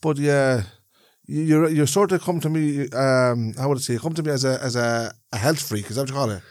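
A man's voice: mid-range voice, brisk, a little mellow, no echo, clean studio sound. Teasing man in his fifties. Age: 50s. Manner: teasing, hesitant, laughs often. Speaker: podcast co-host. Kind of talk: casual banter.

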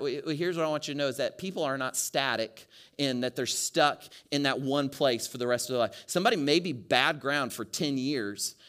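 A middle-aged male pastor preaching a sermon, telling stories earnestly, rising loud at times and then dropping soft and low.

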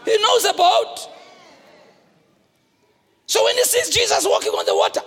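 A middle-aged South African man preaching a lively sermon as a bishop, often shouting and acting out the characters in his stories. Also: very high-pitched, moderate pace, a faint crowd. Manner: animated, often shouting, acts out voices. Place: large church hall. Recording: live church recording with long reverb.

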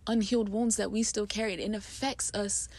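In a mid-range, darkish voice at normal speed and with a steady tone, a woman explains her poem, with no room sound. The monologue is casual and heartfelt, passionate and emphatic, coming in bursts with many fillers.

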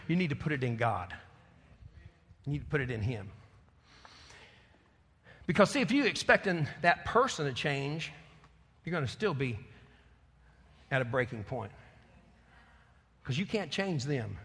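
A man preaching a sermon, moving from soft, close passages to loud, fervent ones. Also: a little high, husky, big-room sound.

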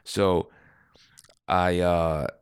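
A middle-aged man with a low voice tells a loose, rambling anecdote on his podcast. He swears freely and keeps stopping to correct himself. The recording is dry and close. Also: fairly even intonation, extremely slow, clear, resonant tone, no room sound. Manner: rambling, profane, frequent self-corrections. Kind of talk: casual storytelling. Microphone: podcast microphone.

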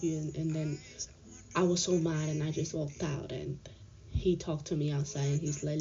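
A woman's voice: low-pitched, flat delivery, unhurried, warm tone. A young woman candidly retelling a hard stretch of her life in a frank, slangy way, English not being her first language. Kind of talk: personal storytelling. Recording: dull lo-fi audio with faint music.

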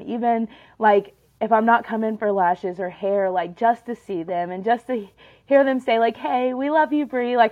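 A woman's voice: medium pitch, phone-quality sound. A young woman hosting a faith podcast, talking earnestly and emotionally with many fillers, her nose a little stuffed up. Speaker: podcast host. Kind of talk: casual faith podcast monologue.

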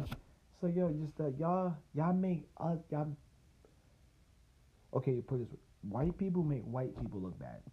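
A man's voice: fairly high pitch, expressive, a little slow, long pauses. Male podcast host, casual profane rambler, phone-quality audio. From United States. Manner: loose, profane and rambling, with laughs and restarts. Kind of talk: casual solo podcast rant. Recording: tinny phone-like line.

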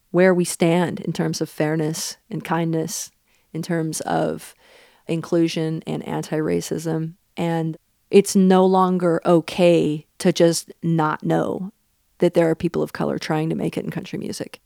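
A woman's voice: sits low, level tone, measured pace, vocal fry, mellow, dry recording, clean studio sound. A woman in her thirties with a Southern accent, speaking as an interview guest in an earnest, reflective way. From Pacific Northwest. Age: 30s. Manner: earnest and reflective, with frequent fillers. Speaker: interview guest, country singer. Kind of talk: thoughtful interview talk.

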